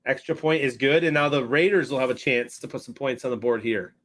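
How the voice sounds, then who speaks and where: A man co-hosting a live fantasy sports show, giving quick updates and asides. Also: medium pitch, steady tone, a bit bright. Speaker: co-host.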